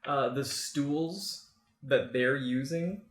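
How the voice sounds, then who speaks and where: A man narrating as game master of a tabletop game, relaxed and easygoing. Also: medium pitch, extremely slow. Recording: roomy echo.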